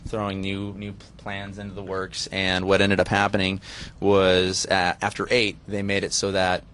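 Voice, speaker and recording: A young man, a reality show contestant, chatting casually as a guest and rambling through his story with many pauses. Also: low voice, completely flat delivery, fairly bright tone, a little hiss or hum. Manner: rambling, restarts with many ums. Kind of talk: casual interview chat.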